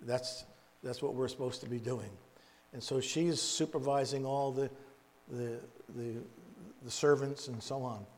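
A man preaching in a storytelling way, halting and repeating words, with folksy asides. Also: medium pitch, fairly even intonation, darkish tone. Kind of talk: storytelling Bible teaching. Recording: long echoey reverb.

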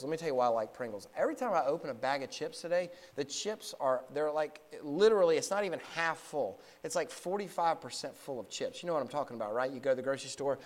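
A man preaching a sermon. He asks the congregation rhetorical questions and moves between hushed low points and rising, emphatic peaks.

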